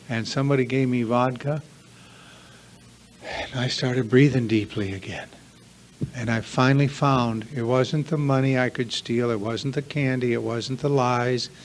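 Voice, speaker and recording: A man's voice: medium pitch, fairly even intonation, a little slow, slight background noise. A man giving a confessional recovery workshop talk to a live group, earnest and emphatic, piling up repeated lists. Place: meeting room with a live audience.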